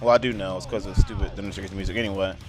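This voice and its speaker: A man's voice: low-pitched, fairly even intonation, rapid-fire, soft background music. A man giving a casual video game review voice-over, rambling and blunt, padding his talk with "I mean" and "like". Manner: blunt and opinionated.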